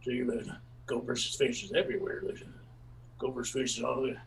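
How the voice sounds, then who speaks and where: A man doing an absurdist stand-up bit at an open mic, rambling and repeating himself in broken folksy grammar, with halting fillers and sudden shouted bursts. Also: medium pitch, steady tone, gravelly, distant mic, background noise.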